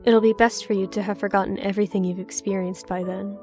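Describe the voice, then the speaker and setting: A gruff older southern recluse voiced by a woman with a Southern accent. He talks in a curt, stern, ominous way at a mid pitch. Faint music plays under the storybook reading. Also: little pitch movement, fast talker, darkish tone, lightly acted. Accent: American Southern.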